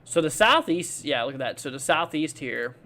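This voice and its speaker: A man's voice: on the high side, expressive, moderate pace, pushed and bright. A man hosting a live weather stream, chatting casually with lots of fillers and answering viewers by name. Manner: rambling, filler-heavy, reads viewer comments aloud; friendly, laid-back.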